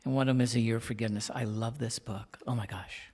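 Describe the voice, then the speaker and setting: A man with a gravelly, creaky voice delivers a sermon as guest minister. He drops to near-whispers, then rises to loud, emphatic declarations. The sound carries the long reverb of a spiritual center's sanctuary. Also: medium pitch, fairly even intonation, quick pace. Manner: dramatic swings from hushed whispers to loud emphatic lines; talks directly to the congregation with questions.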